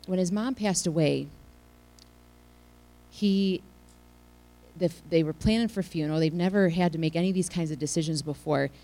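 A woman telling a heartfelt personal testimony to a church congregation, her delivery swinging from hushed to loud. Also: fairly low pitch, creaky, low-quality recording. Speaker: church speaker sharing a testimony.

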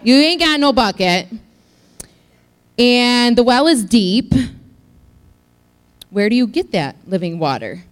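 A woman's voice: on the high side, sing-song, takes it slowly, long pauses, in a large hall, voice pushed up. A woman voicing a sassy, skeptical woman at a well who talks back, in a sermon.

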